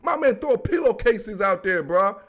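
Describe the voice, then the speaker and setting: A young man giving a solo football recap, talking in excitable, joking slang. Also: sits high, normal speed. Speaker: sports commentator.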